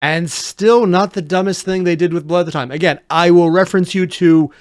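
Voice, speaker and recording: A video reactor giving casual, sarcastic commentary, swinging between loud outbursts and low mutters. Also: brisk, few pauses, no room sound, studio quality. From United States.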